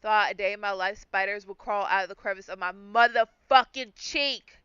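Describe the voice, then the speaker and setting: A woman's voice: medium pitch, normal speed, sharp tone, clear, resonant tone, dry recording, highs cut off, close to an everyday voice. A woman doing a panicked, foul-mouthed adventurer. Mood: shocked. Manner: cursing, frantic.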